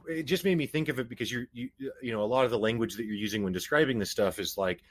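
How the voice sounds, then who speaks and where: A man hosting a podcast, talking casually in a hesitant, rambling way with many restarts. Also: medium pitch. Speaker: podcast host. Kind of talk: casual conversation.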